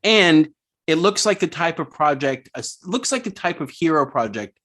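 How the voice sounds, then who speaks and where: A man's voice: on the high side, expressive, normal speed, a bit bright. A man co-hosting a film podcast, chatting loosely and joking, often trailing off with fillers. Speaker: podcast co-host. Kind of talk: casual chat.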